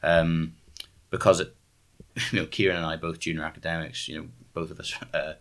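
A young man hosting a casual political chat, animated and full of excited restarts. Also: extremely low pitch, moderate pace. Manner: animated, stumbling restarts when fired up.

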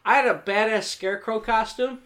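A woman co-hosting a casual podcast chat, telling animated stories and swearing freely. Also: a little high, brisk. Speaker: podcast co-host.

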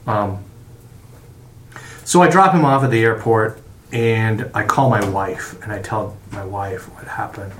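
A man's voice: lowish voice, slight background noise. Middle-aged man talking in a roomy space. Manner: halting and profane, with many restarts. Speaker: podcast guest. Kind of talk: casual conversation. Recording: roomy echo.

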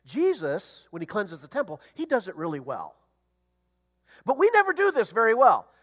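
A middle-aged or older man preaching a sermon as a guest preacher, animated and storytelling, rising to loud emphasis. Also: sits high, normal speed.

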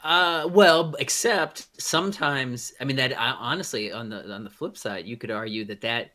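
Here a podcast co-host talks at a normal speed with a mid-range voice and a sharp tone. His casual chatter wanders, full of restarts, and comes across bluntly.

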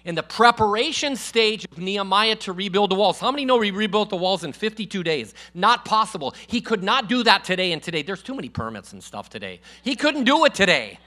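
An older man preaching in a high, bright voice. He talks casually and emphatically, shifting between booming declarations and hushed asides, and keeps asking the congregation for an amen. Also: sing-song, fairly quick, few pauses. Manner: conversational and emphatic, swinging between loud declarations and quiet asides; calls for congregation responses. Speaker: guest preacher. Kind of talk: sermon. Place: church.

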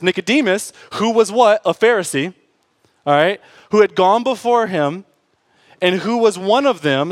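A man preaching a sermon in an animated, conversational way, often tossing in quick asides to the congregation. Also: fairly high pitch, dry recording. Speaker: pastor.

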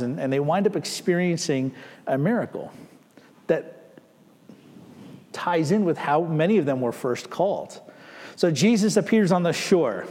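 A man's voice: on the high side, darkish tone, in a large hall. A man preaching a sermon as a pastor, speaking conversationally and acting out the people in the story. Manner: conversational, acting out quoted voices.

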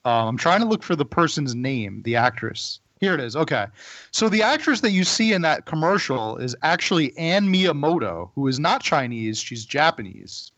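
Casting: man, co-host, casual chat, halting delivery, muffled dry sound. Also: fairly high pitch, big pitch swings, fairly bright tone, no room sound. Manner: halting, stumbles over words. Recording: dull, dry recording.

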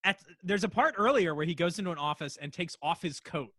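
A man's voice: high-pitched, animated, fairly quick, bright, forceful tone, slight background noise. A man co-hosting a podcast, casually recapping a TV episode, laughing often and rambling loosely. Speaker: podcast co-host.

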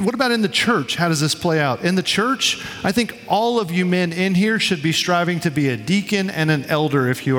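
A man preaching a sermon to his congregation in a relaxed, conversational way, telling stories and acting out quotes. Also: sits high, in a large hall. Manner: conversational, storytelling with quoted voices. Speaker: pastor. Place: church sanctuary.

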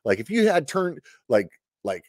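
A middle-aged man telling a story casually on a podcast, animated, with lots of filler words and cursing. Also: medium pitch, moderate pace, no echo, clean studio sound. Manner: animated, swearing, many "like" fillers. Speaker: podcast guest.

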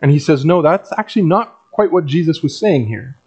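A man's voice: a little high, expressive, fairly quick, a little mellow, breathy edge. A man preaching a sermon as a pastor in a conversational, wry way with dry asides.

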